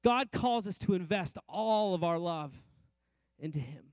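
A middle-aged male pastor with a fairly high voice delivers a sermon in rhythmic, repeated phrases. He climbs in pitch and slows down to stress his main points. The sound is dry and close, with little room echo. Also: expressive. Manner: varies emphasis, rising and slowing on key phrases; repetitive, rhythmic preaching.

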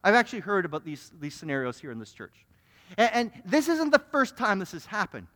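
A man's voice: high voice, very animated, a little fast, bright, forceful tone. A male pastor preaching a sermon, stammering restarts and acting out small everyday scenes. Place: church sanctuary. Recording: long reverb in a church hall.

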